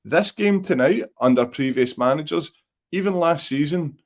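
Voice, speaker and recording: A man's voice: fairly high pitch, expressive, moderate pace. A Scottish man hosting a football podcast, giving blunt, exasperated opinions in casual chat over a remote call. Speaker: podcast host. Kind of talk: live football reaction chat.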